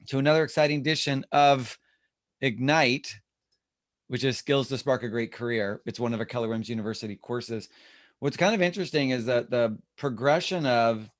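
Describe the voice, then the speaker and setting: A man's voice: mid-range voice, no echo, studio quality. A man leading an online real estate class from his home office, chatty and rambling, over a video call. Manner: chatty, rambling, self-deprecating.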